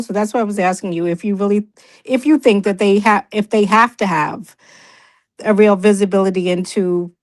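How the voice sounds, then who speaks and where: A middle-aged woman with a New York accent, talking fast and restarting words as she argues her point in a casual debate. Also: on the low side, poor audio.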